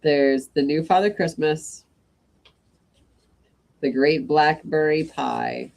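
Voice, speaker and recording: Woman host, reads stories aloud live, chatty, apologetic asides, slow, measured. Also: sits low, creaky, a little mellow. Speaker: host of an evening reading stream.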